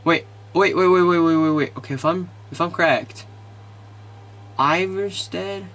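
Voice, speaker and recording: A man casually commentating his video game, excitable and easily frustrated, muttering to himself. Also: on the high side. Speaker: gamer.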